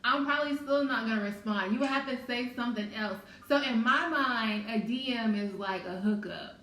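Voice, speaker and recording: A woman's voice: a little high, moderate pace, sharp tone. A woman speaking bluntly and with strong opinions in a casual conversation. She sits a little away from the microphone, so her voice sounds roomy, with faint noise in the background. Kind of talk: casual chat. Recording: echoey room, a bit far from the mic.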